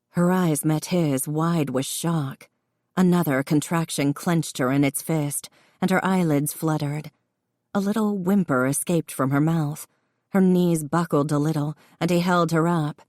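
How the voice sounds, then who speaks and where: Brief: female audiobook narrator, low pitch, measured, dry studio read. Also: a little mellow, dry recording. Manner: measured storytelling. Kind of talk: scripted narration.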